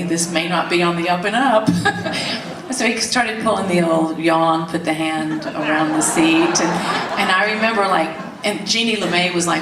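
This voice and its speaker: A woman, telling a candid story in an interview, animated, laughing often and acting out the quotes. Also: lowish voice. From Tennessee, US. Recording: roomy, distant mic, faint background hiss.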